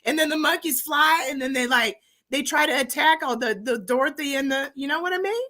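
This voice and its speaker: Her voice sits high and sounds pushed and bright as she talks briskly. She is an American woman hosting a livestream, caught up in a heated, profane, confrontational argument where she repeats herself.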